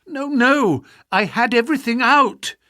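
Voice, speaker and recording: A man reading the part of an excited government minister who speaks insistently. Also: very high-pitched, a little slow, dry recording, studio quality, pitched above the performer's own voice, exaggerated voice. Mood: agitated. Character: agitated male government minister.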